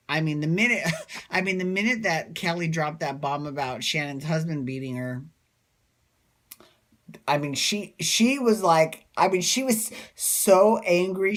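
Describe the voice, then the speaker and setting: A man's voice: fairly high pitch, a bit bright. A man recapping a reality show in a casual, rambling, gossipy vlog, full of fillers and asides. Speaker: recap vlogger. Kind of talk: casual chat.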